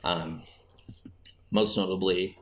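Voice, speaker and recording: A man's voice: deep voice, fairly even intonation, takes it slowly. A man hosting a podcast, making his case in a chatty, argumentative way with many restarts. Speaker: podcast host. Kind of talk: casual fan discussion.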